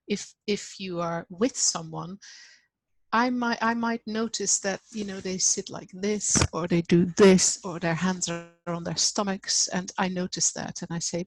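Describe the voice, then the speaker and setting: A woman speaking as a grief counselor in a conversational interview, gentle and reflective, acting out gentle questions to clients. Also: mid-range voice, fairly even intonation, a little slow, no room sound.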